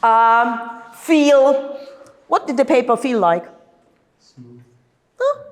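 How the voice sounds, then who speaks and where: A woman's voice: fairly high pitch, animated, drawn-out words. A woman with a Polish accent, a professor giving an academic lecture at a seminar, thoughtful and searching for her words. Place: theater seminar room. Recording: long hall reverb.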